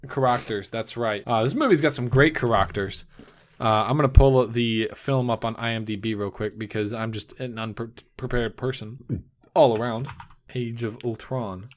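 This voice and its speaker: A mid-range male voice at normal speed belongs to a co-host of a casual movie podcast. He jokes, argues playfully, and laughs often in this laid-back chat.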